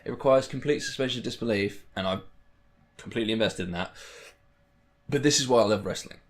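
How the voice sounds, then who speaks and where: A young man chatting casually as a vlogger, excitable and rambling, swearing freely. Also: on the low side, quick pace. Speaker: wrestling vlogger. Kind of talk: casual chat.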